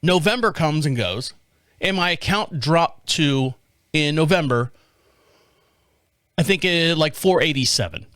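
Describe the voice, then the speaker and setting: A man's voice: on the high side, animated, measured pace, long pauses, a bit bright, dry recording, clean studio sound. A man hosting a podcast, ranting profanely and exasperatedly about a bank fee, acting out both sides of a call. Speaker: podcast host. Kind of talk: casual storytelling rant.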